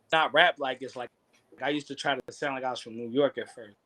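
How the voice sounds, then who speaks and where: Male rapper, 30s, Kentucky Southern accent, relaxed slangy storyteller, mid pitch, dry recording. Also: fast, dry recording. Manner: laid-back slangy storytelling. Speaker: rapper guest. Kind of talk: casual interview chat.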